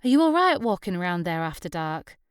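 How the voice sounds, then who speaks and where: A woman's voice: lowish voice, sing-song, brisk, smooth, no echo, studio quality. A woman voicing Clara, a cheerful young island woman with a sing-song lilt and an eager, friendly manner.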